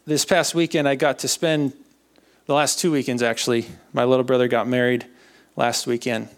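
A young man giving an earnest personal faith testimony, halting and often repeating his words. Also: medium pitch, steady tone. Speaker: speaker sharing a testimony.

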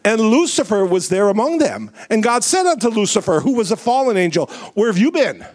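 A man preaching a sermon and reading scripture aloud. His phrases are slow and drawn out, and his pitch swings widely. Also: big pitch swings, darkish tone.

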